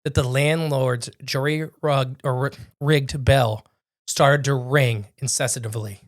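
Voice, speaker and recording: Speaking slowly at a medium pitch, this young podcast co-host keeps his tone steady as he narrates a spooky story. It's relaxed storytelling chat, wandering and full of false starts and self-corrections.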